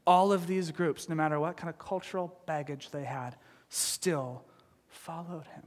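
Man, pastor, sermon, high voice, animated storytelling, long hall reverb. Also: a little slow. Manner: animated storytelling with laughs and dramatic quotes.

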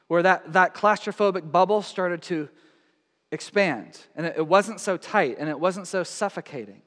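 A man preaching a sermon as pastor, telling a personal story in an animated, emotional way. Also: high-pitched, big-room sound.

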